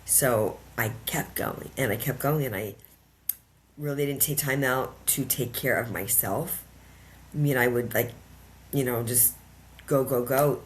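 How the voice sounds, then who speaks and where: A woman with an unusually deep voice shares a personal story as a podcast guest. She talks earnestly, circling back with emphatic repeated phrases, and a faint hiss sits under her voice. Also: measured pace. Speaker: podcast guest, empowerment coach.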